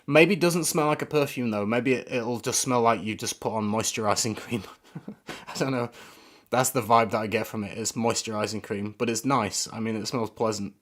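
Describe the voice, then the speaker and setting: A man's voice: fairly low pitch, fairly even intonation, normal speed, fairly bright tone. Casual rambling man reviewing scents. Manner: casual, rambling, searching for words. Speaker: fragrance reviewer. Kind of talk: live-stream fragrance review.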